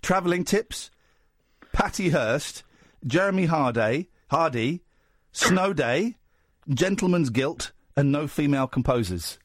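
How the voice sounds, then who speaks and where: Animated talk radio host. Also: male voice, fairly high pitch, unhurried, no room sound, studio quality. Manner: animated, teasing, repeats himself for comic effect. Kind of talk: late-night talk radio banter.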